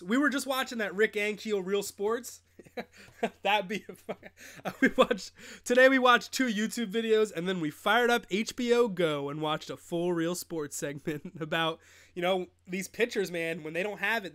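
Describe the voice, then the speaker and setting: A man's voice: high-pitched, a bit bright. A young man in his twenties hosting a live fantasy football stream, rambling and joking in casual chat, laughing often. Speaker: host.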